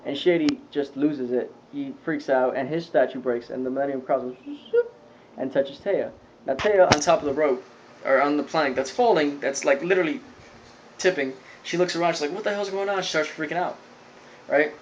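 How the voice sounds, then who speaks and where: Young male reviewer, chatty and rambling, voice sitting a bit high. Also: normal speed, slight background noise, low-quality recording. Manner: rambling, filler-heavy storytelling with lots of "like". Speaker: video reviewer. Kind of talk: casual episode recap.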